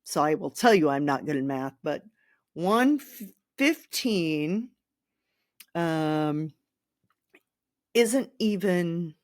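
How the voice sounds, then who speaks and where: A woman's voice: deep voice, expressive, drawn-out words, pauses often, a little mellow, dry recording, clean studio sound. A young adult woman hosting a podcast, ranting casually and sarcastically about her sports teams with rambling asides. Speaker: podcast host.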